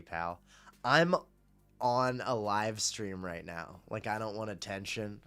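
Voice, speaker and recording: A man's voice: on the low side, a bit bright, smooth. Rambling, foul-mouthed male live streamer. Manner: loose and rambling, swears, reacts to chat. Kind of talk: casual live-stream chat.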